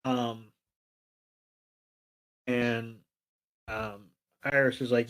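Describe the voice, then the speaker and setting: A man in a casual podcast recap, sarcastic and profane. His voice sits at an ordinary middle pitch. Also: unhurried. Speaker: podcast co-host.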